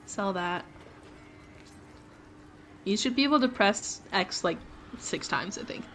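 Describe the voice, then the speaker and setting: Woman giving patient game directions, mid-pitched voice, faint hum behind. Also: lively intonation, slow pace, fairly bright tone. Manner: patient, instructive, laughs easily. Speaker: co-player guiding the gamer. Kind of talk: casual gameplay guidance.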